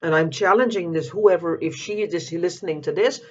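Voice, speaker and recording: This man's voice runs on the high side at a moderate pace as he begs for help in an agitated personal vlog. He keeps repeating himself and breaking off mid-word, all captured in dull lo-fi audio.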